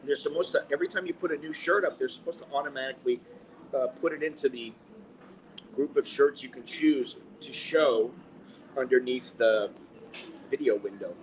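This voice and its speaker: American guy ranting at a cafe, swears a lot, keeps restarting, mid pitch, bit of cafe noise behind. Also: moderate pace, far from the mic, low-quality recording. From United States. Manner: rambling, profane, restarts often. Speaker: vlogger. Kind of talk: casual chat.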